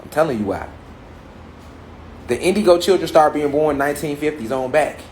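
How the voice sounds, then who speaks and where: This man's voice is a little high and expressive, with a darkish tone and a moderate pace, recorded in an echoey room with a bit of hiss or hum. In his thirties, he speaks with an African American Vernacular English accent. Addressing a gathered audience in a large room, he lectures on spirituality, hammering points home through rhetorical questions and repetition.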